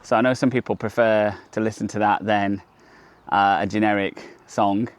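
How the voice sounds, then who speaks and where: A man's voice: fairly low pitch, little pitch movement, normal speed, slight background noise. Chatty man on a forest hike. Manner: rambling, chatty, lots of "so yeah" fillers. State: hot and sweaty from hiking. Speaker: travel vlogger. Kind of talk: casual walking vlog narration. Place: outdoor forest trail.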